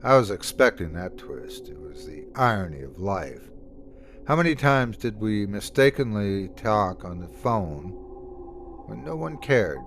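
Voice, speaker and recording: Man reading horror in a low voice. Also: sing-song, unhurried, a bit bright, slight background noise. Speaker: horror storyteller. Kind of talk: scripted horror narration.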